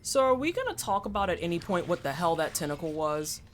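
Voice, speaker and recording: Lively, chatty game streamer. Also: medium pitch, fast talker, a little hiss or hum. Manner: chatty, thanks viewers, playful asides. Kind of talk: casual live-stream chat while gaming.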